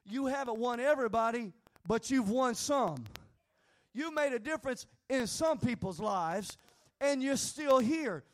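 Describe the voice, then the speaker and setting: A man's voice: very high-pitched, animated, a little slow, pitched above the performer's own voice. A man voicing the Holy Ghost in a sermon story, a firm male spirit who reassures him. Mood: encouraging. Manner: reassuring, insistent.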